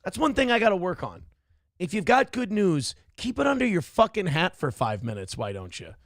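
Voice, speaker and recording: A man's voice: high voice, sing-song, moderate pace, fairly bright tone, dry recording, clean studio sound. A man hosting a live-streamed talk show who reads out donations in a rambling, profane, self-deprecating way. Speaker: show host.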